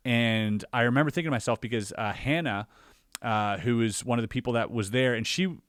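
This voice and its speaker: A man telling a personal story in a relaxed podcast chat. He stays animated and acts out his own reactions, with plenty of filler words. His voice sits in a middle pitch and is recorded dry, with no room sound. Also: brisk, clear, resonant tone, no echo. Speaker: podcast guest or co-host. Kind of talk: casual storytelling conversation.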